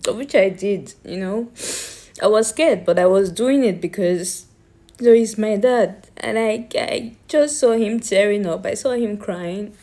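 A woman speaks slowly in a mid-range voice. She stops and starts and often repeats her words. Her tone moves between pleading and accusing. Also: mid-range voice, mellow. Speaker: grieving daughter telling her story. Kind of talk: emotional personal account.

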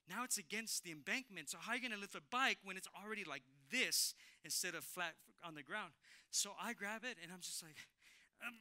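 A man preaching a sermon as pastor, telling a personal story with emphatic repetition and animated delivery. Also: high voice. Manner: animated, emphatic, repeats phrases, laughs with congregation. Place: church sanctuary.

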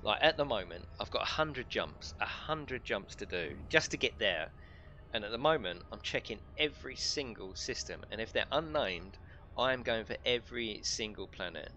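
Lively man streaming a game. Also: fairly low pitch, moderate pace, muffled recording. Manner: jokey, chatty, reads out chat and laughs often. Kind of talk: casual live-stream commentary.

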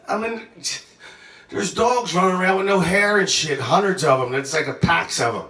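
A man telling a rambling travel story in a casual, excitable and profane way, often jumping around mid-sentence. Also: high voice, normal speed. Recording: echoey room, mic at a distance.

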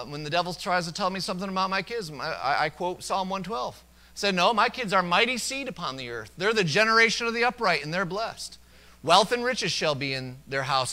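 A male pastor delivers a church sermon with a bright, forceful tone. He quotes verses one after another and swings between emphatic preaching and quiet, intimate asides. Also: on the high side. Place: church service.

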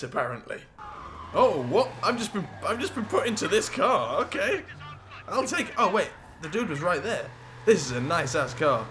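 A young man giving excitable, jokey gameplay commentary as a gaming YouTuber. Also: sits high, normal speed, background noise. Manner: excitable, jokey, swears and laughs often.

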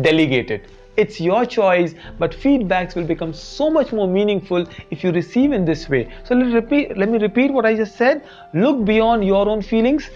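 A man's voice: high voice, a little mellow. A man hosting a motivational teaching talk about feedback. He speaks expressively and repeats his key points. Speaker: host and teacher trainer. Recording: dull lo-fi recording with faint music.

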